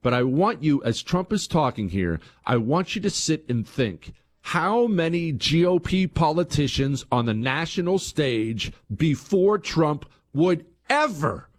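A man hosting a talk radio show, delivering an emphatic monologue that climbs to heated peaks and drops low and quiet. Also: big pitch swings, measured pace.

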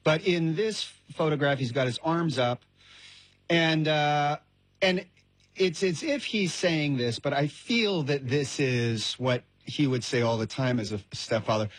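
A man who is a guest comedian on a sports talk show, playfully doing mock-stern impressions with high shouted bursts. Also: measured pace, no echo.

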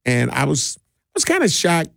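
A middle-aged man who works as a DJ tells stories in a relaxed, rambling way during a casual interview, with frequent restarts and laughs. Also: fairly high pitch, moderate pace, creaky, no room sound, studio quality. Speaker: DJ and community party organizer.

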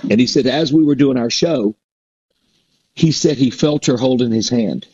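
Middle-aged male guest, husky, rambling storyteller, dull lo-fi audio. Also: medium pitch, normal speed, mellow. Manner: rambling, with many restarts and fillers. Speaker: performer and guest. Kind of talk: casual interview storytelling. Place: performs a resident show in a Mississippi theater.

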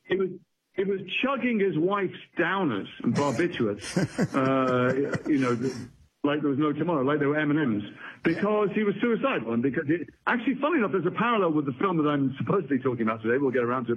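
A man's voice: a little high, slightly rough. A middle-aged man from England, an actor guest in a casual interview, talking in a thoughtful, articulate, wry way with restarts. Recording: tinny phone-like line.

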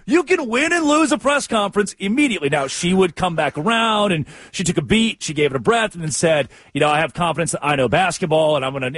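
An animated man with a high, lively voice and a husky edge, trading college football stories on a sports talk show. He acts out the people he quotes with big jumps in pitch, and the sound is close and dry. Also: no room sound.

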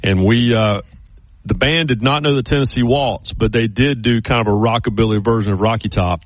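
A man's voice: medium pitch, brisk, slight background noise. A man co-hosting a casual chat, telling stories in a rambling way with many restarts.

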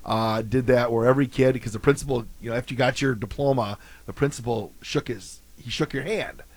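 A man's voice: mid-range voice, a little fast, no echo. A man hosting a local morning radio show, chatting and joking casually with his co-host.

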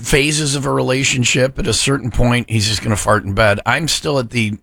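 A man's voice: medium pitch, fairly even intonation, brisk, vocal fry, sharp tone, no room sound. A young man co-hosting a radio show, telling jokes and stories in casual banter and laughing along. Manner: jokey storyteller, laughs at his own jokes.

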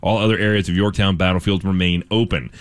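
A man's voice: sits low, steady tone, quick pace, clear, resonant tone. A man hosting a local radio show, reading news items with casual asides and fillers.

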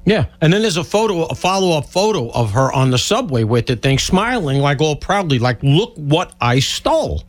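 A man's voice: a little high, big pitch swings, fairly quick, hardly any pauses. A man hosting a talk radio show, blunt and sarcastic, riffing emphatically on the news. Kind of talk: opinionated talk radio chat.

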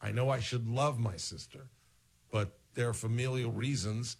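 A man's voice: medium pitch, fairly even intonation, normal speed, gravelly, slight background noise. A man hosting a show, telling rambling personal stories in casual chat and acting out the dialogue. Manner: rambling, digressive, acts out quoted dialogue. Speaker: radio-style show host.

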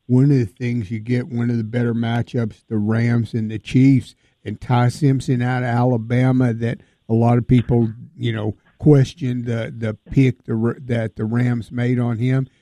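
A man's voice: mid-range voice, a little slow, few pauses, no echo. A man hosting a casual sports talk show, asking questions with frequent fillers. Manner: relaxed, flat delivery with frequent fillers. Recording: dry, phone-like line.

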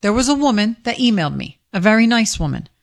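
A woman who works on a radio show, chatting casually on air and gently scolding and teasing the host. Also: medium pitch, very animated, fast talker, gravelly, no echo, clean studio sound. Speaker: longtime radio show staffer.

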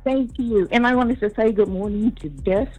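A woman's voice: on the high side, normal speed, music in the background, low-quality recording. A woman in her fifties calling in to a radio show, cheerful and chatty. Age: 50s. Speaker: caller. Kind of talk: radio call-in.

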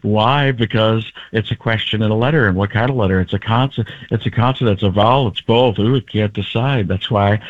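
A man putting on an eccentric male celebrity, pitched lower than his own voice, who muses on words in a halting, quirky way. It is voiced close to the mic with no room sound, through a dull radio line. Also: dry recording, close to an everyday voice. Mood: musing. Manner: halting, quirky, musing delivery.

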